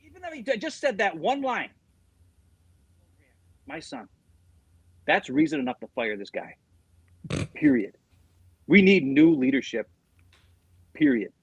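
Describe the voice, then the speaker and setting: Husky middle-aged man, ranting animatedly. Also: on the high side, very animated, unhurried, long pauses, dry recording, muffled recording. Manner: heated, profane ranting. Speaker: sports podcast co-host. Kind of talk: casual sports chat.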